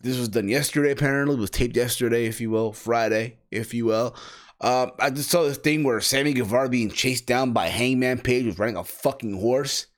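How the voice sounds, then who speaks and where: A man's voice: mid-range voice, fairly quick. A man hosting a casual wrestling podcast in a laid-back, opinionated way, swearing casually. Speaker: podcast host.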